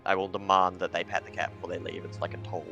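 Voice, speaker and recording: A man chatting at a game table, telling a story in a measured, wry way. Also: sits low, flat delivery, vocal fry, bright, forceful tone, soft background music. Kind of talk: casual table chat.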